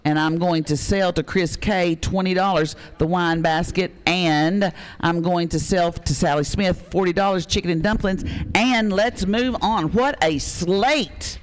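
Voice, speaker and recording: A man calls bids at a charity auction, excitable and joking as he urges bidders on. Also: sits high, a little slow, few pauses. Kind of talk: live auction calling.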